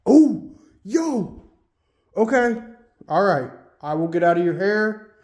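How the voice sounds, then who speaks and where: His voice sits high with big pitch swings and a darkish tone as this solo paranormal vlogger slowly and casually puts questions to spirits in an old schoolhouse. The room echoes around him.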